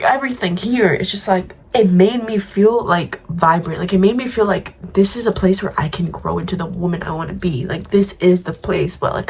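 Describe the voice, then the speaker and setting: A woman's voice: fairly low pitch, slight background noise. A young woman in her twenties from New York, vlogging in a rambling, candid way with lots of "like.". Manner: rambling, heavy use of "like"; candid and confessional. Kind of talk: casual vlog chat.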